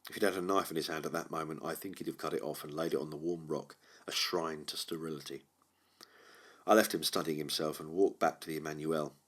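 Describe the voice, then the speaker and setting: A man narrating a horror audiobook in a measured, brooding way. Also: very deep voice, fairly even intonation, fairly bright tone. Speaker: audiobook reader.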